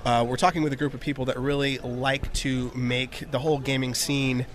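A man's voice: mid-range voice, flat delivery, moderate pace, a little hiss or hum. A man hosting a podcast interview, enthusiastic and rambling with many fillers. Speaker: podcast host. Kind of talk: casual interview chat.

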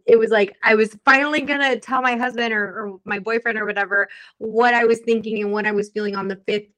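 Bright-voiced young woman chatting. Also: mid-range voice. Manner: animated, laughs often, acts out quotes. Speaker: podcast co-host. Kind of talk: casual chat.

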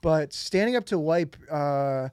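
Mellow man musing on a podcast. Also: on the high side, lively intonation, a little slow, clean tone, no echo, studio quality. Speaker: podcast co-host. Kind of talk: casual podcast chat.

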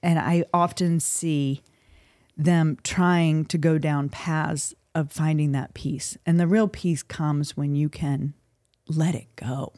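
A middle-aged woman from the United States, a guest on a podcast, telling a personal story in an earnest, halting, emotional way. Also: sits low, fairly even intonation, dark tone, dry recording, studio quality. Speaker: interview guest. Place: podcast recording.

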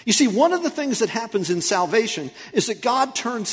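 High-voiced male pastor preaching in a hall. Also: sing-song, moderate pace, husky. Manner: conversational preaching with playful asides. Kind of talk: sermon.

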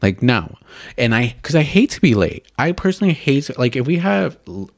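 A man's voice: medium pitch, very animated, normal speed, gravelly, no echo, clean studio sound. A young man hosting a makeup show, ranting casually in a rambling, profane way full of "like" fillers. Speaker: makeup video and podcast host.

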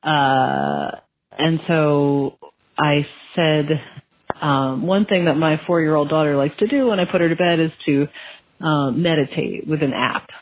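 A low-pitched woman in her thirties phones in a rambling, self-deprecating story about her own mistake. The line is thin and tinny, like a phone call. She laughs at herself as she talks. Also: lively intonation, measured pace. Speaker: caller.

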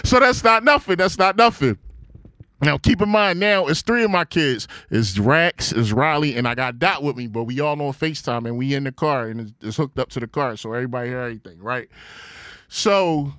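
A middle-aged man telling a story in casual chat, acting out quotes loudly, laughing and swearing. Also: mid-range voice, fairly quick, no echo, studio quality.

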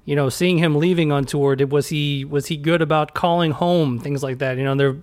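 A male host asks long, winding questions full of "you know" and restarts. His voice sits a bit high and sounds dry and close to the mic. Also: steady tone, brisk, dry recording. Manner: long rambling questions with many fillers. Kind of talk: podcast interview.

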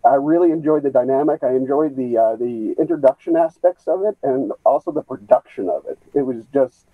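A man calling in over a video call, talking in a rambling, halting way with many restarts. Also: medium pitch, no room sound. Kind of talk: rambling casual chat. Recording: tinny phone-like call line.

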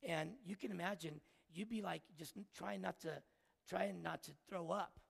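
A man with a gravelly, husky voice tells a story from the pulpit, earnest and emotional, often stopping to restart his thoughts. His voice sits a little high and carries a long reverb from a church sanctuary. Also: fairly even intonation, moderate pace. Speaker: preacher. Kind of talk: sermon storytelling.

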